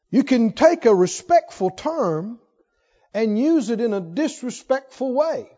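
High, lively preacher in a reverberant hall. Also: male voice, unhurried. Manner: asks the congregation rhetorical questions. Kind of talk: sermon. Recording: long hall reverb, dull lo-fi sound.

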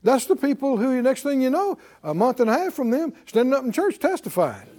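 A man in middle age delivers a sermon in a high voice that leaps across a wide range. He trades lines with his listeners, booming declarations one moment and murmuring asides the next. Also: sing-song, fairly quick. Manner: call-and-response preaching, swings between loud declarations and low asides. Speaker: pastor.

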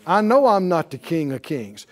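A man preaching a sermon as pastor, animated and asking the congregation rhetorical questions. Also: a little high, normal speed.

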